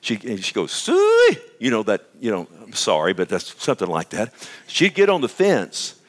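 A man's voice: on the low side, sing-song, a little fast, a bit bright. A male pastor giving a radio sermon, fervent and emphatic, often turning to his listeners with "amen?" and "listen".

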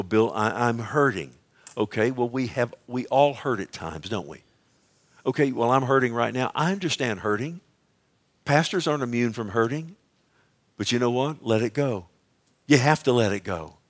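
A middle-aged male pastor preaching a sermon, emphatic and often asking his listeners questions. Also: mid-range voice. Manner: emphatic, asks the congregation questions.

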